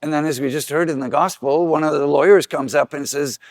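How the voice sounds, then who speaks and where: Man, priest preaching a homily, earnest, slightly high voice, dry close sound. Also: a little fast, hardly any pauses, dry recording. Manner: earnest preaching, acts out quoted voices with rising pitch.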